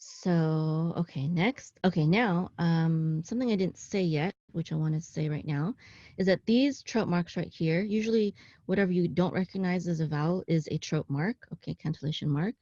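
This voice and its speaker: Woman, lowish voice, Hebrew teacher, halting casual explainer, dull dry recording. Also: warm tone, no room sound. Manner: halting, with frequent ums, self-corrections and "okay?" check-ins. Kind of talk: casual online class, explaining text on screen. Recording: dull lo-fi sound, dry close room.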